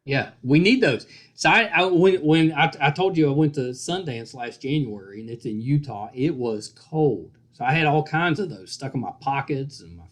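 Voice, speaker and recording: A man's voice: medium pitch, animated, moderate pace, hardly any pauses. A man hosting a podcast interview on a call, joking and rambling with frequent restarts and self-deprecating asides. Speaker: podcast host. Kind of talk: casual interview chat.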